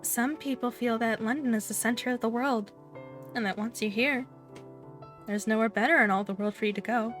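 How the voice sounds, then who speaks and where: A woman voicing a shy young schoolgirl who speaks hesitantly and softly. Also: a little high, natural voice. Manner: hesitant and soft-spoken.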